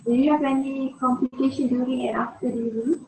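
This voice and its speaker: A woman medical student works through a patient history, asking polite questions that stall on frequent fillers. Her fairly high voice rings in a roomy, echoey space with a faint hiss behind it. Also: fairly even intonation, quick pace, vocal fry, a little mellow, far from the mic. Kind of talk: mock clinical history-taking. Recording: echoey room with faint noise.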